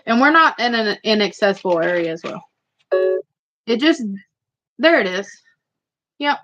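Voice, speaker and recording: A woman's voice: a little high, big pitch swings, a little slow, fairly bright tone, slight background noise. A woman hosting a casual livestream, chatting and rambling to her viewers. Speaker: livestream host. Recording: slightly muffled lo-fi audio.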